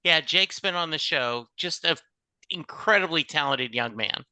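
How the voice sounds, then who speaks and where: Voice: medium pitch, unhurried, no echo. A podcast host chatting casually with a guest and affirming her with short replies. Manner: relaxed, brief affirmations.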